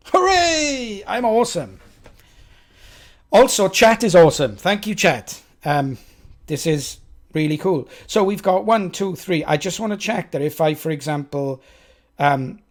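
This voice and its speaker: A man with a Welsh accent thinks aloud as he codes on a live stream, chatting with viewers and poking fun at himself. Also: on the high side. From Wales. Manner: chatty, self-mocking, talks to chat.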